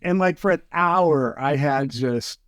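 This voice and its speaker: A man telling fishing stories as a podcast guest, in casual chat, animated and full of fillers. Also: fairly high pitch, slow pace, no echo. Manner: animated, acts out quotes, many fillers.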